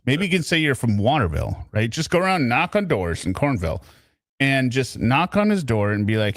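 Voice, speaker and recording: A man's voice: mid-range voice, very animated, a little fast, no room sound, clean studio sound. Chatty man hosting a live stream. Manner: chatty, keeps tagging lines with "right?". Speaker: stream host. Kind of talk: casual live-stream commentary.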